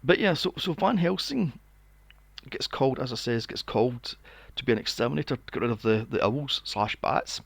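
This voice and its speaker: A gravelly, medium-pitched man in his forties co-hosts a podcast, talking at a normal speed with lively intonation. He rants sarcastically and swears while reviewing a movie in casual chat. There's no echo on the recording.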